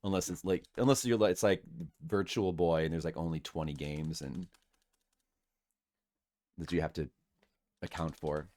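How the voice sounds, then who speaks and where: A man's voice: deep voice, steady tone, normal speed, long pauses, a little mellow. A man streaming a game, rambling and self-deprecating as he chats with his viewers. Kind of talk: casual live-stream chat.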